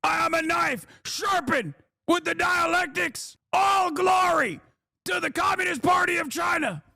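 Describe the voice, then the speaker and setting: A man voicing a fanatical male zealot who shouts fervent, declamatory vows of devotion. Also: very high-pitched, a little slow, creaky, pitched above the performer's own voice, heavily acted.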